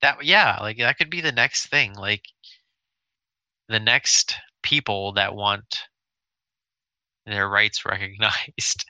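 A man co-hosting a casual chat, rambling and stumbling over his words when he gets excited. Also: lowish voice, takes it slowly, pauses often, clean tone, no room sound, rough recording. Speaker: podcast co-host.

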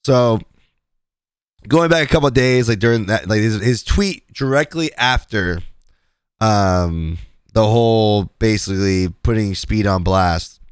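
A man's voice: fairly low pitch, expressive, a little slow, clear, resonant tone, no room sound, studio quality. A man hosting a podcast, talking through online drama in a loose, rambling way. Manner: rambling, many fillers and restarts. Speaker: podcast host. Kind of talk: casual commentary.

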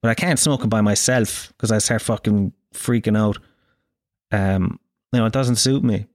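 A man's voice: lowish voice, normal speed, no room sound, studio quality. Swearing Irish man telling a story. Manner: profane, animated anecdote with acted-out quotes. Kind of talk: casual storytelling.

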